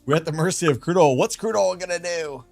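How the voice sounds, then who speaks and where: A man's voice: a little high, fast, vocal fry, darkish tone, faint music behind. A man hosting a late-night trading livestream, chatting casually and rambling in a self-deprecating way. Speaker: live trading stream host.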